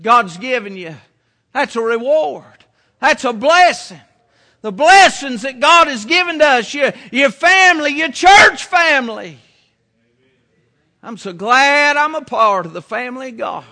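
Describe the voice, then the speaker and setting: High-pitched, bright-voiced preacher man. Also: animated, a little slow. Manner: folksy, down-home preaching with repeated phrases. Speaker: pastor. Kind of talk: sermon.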